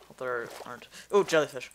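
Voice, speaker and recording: A man's voice: medium pitch, animated, brisk, a little hiss or hum. A man giving casual gameplay commentary, rambling and easily distracted, talking to himself as he plays. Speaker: gamer.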